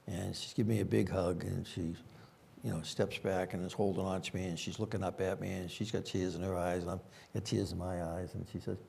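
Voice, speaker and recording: A man's voice: deep voice, flat delivery, brisk, gravelly, darkish tone, a little hiss or hum. An older man with a Boston accent, a former police chief telling rambling anecdotes with frequent fillers at a conference panel.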